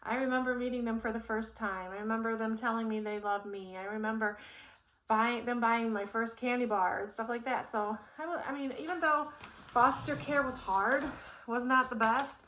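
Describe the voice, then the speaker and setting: A woman's voice: fairly high pitch, steady tone, moderate pace, low-quality recording. A middle-aged woman vlogger telling a personal story in a rambling, casual way with many fillers while assembling furniture. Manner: rambling, warm-hearted, many fillers and restarts.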